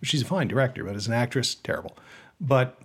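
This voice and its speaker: A man in a relaxed podcast chat with a middle-pitched voice. He talks in an animated way and is quick to riff and joke. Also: husky. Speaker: podcast co-host. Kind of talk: casual chat.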